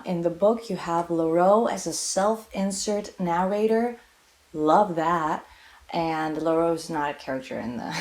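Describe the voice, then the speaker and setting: A young woman vlogger rambling casually about a book, chatty and full of fillers and tangents. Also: low voice.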